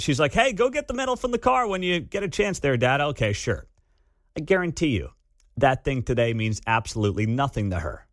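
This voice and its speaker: Animated storytelling radio host, dry studio sound. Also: male voice, mid-range voice, no room sound. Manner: storytelling, animated when quoting his kids. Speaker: radio talk show host. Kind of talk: casual talk radio chat. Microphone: studio microphone.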